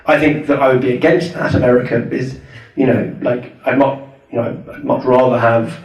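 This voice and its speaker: A man's voice: mid-range voice, steady tone, normal speed, distant mic. Scottish-born man talking in an echoey hall. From Scotland. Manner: thoughtful, conversational, many restarts and "you know"s. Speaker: guest speaker. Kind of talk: talk at a public rally. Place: hall at a public event.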